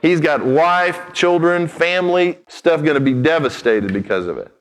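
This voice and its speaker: A man's voice: fairly high pitch, expressive, moderate pace, rough recording. A man preaching a sermon, reading scripture aloud and breaking off into direct, emphatic asides to his listeners. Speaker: pastor.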